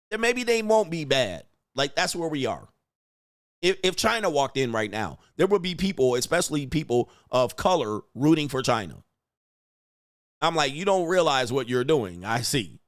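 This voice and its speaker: A man's voice: mid-range voice, no echo. Male stream host, mid-range voice, crude and blunt ranting style, reads donations, dry close sound. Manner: reads viewer messages aloud. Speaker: livestream host reading donations. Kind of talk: casual livestream rant.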